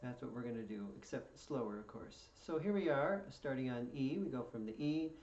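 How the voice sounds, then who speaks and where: A patient male fiddle teacher talks through a tune and counts in slowly. His voice sits back from the microphone in an echoey room, with a dull, muffled tone. Loud fiddle playing fills the gaps between his explanations. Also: mid-range voice, lively intonation, loud music behind the voice. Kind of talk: step-by-step music lesson. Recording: echoey room, distant mic, dull sound.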